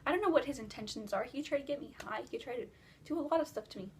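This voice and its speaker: A teenage girl vlogger telling a dream story in casual, rambling chat, filler-heavy and animated. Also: high-pitched, fast talker, a little hiss or hum. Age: teens. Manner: breathless and animated while retelling a dream.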